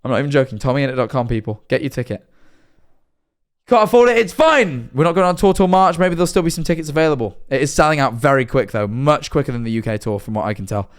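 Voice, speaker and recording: A man's voice: medium pitch, very fast, few pauses, clean tone. Chatty young man streaming. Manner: rambling, joking, chatty with viewers. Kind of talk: live-stream reaction chat.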